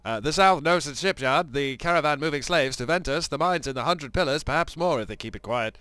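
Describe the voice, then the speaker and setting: A man's voice: a little high, fairly quick, pushed and bright, smooth, no room sound, pitched above the performer's own voice. A man doing a put-on voice as a hard-bitten investigator reading case notes in clipped, raised phrases. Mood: gruff.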